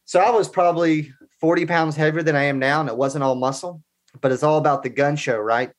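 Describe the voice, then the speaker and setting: A man's voice: fairly high pitch, fairly even intonation, fairly quick. A man in his forties telling personal stories as a guest in a casual interview, in an earnest, conversational way. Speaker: podcast guest.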